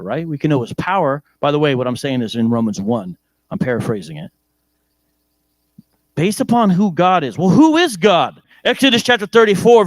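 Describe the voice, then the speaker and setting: A male preacher with an American accent giving a lively sermon in church, joking and asking the congregation questions. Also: on the high side, dry recording.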